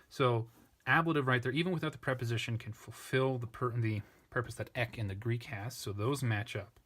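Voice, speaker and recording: Male tutor, lowish voice, methodical, self-correcting walkthrough. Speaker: language tutor. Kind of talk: parsing walkthrough lesson.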